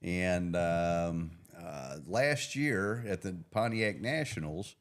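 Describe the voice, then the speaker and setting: A middle-aged man, an engine builder, chatting loudly on a podcast and laughing often as he rambles about his work. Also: deep voice, slow pace. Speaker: engine builder and shop owner. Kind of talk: casual podcast chat.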